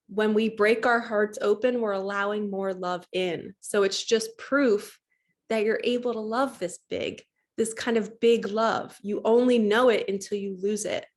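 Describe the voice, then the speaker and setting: A woman, the host and a grief coach, reads from her own book and then talks softly and warmly to listeners, a little emotional. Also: medium pitch. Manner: soft, gentle and encouraging, calls listeners lovies.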